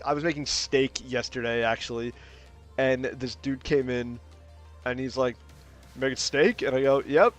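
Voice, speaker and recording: A young man chatting casually on a stream while drawing, rambling with lots of fillers and restarts, swearing freely and getting loud and animated when he rants. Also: mid-range voice. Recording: faint music behind.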